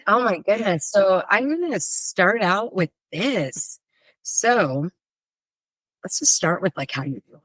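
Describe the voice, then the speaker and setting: A woman's voice: medium pitch, animated, takes it slowly, a bit bright, no room sound, rough recording. A woman hosting a casual podcast chat, bubbly and loose, peppering her talk with "like" and the odd swear word. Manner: bubbly, swears freely, lots of "like". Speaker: podcast host.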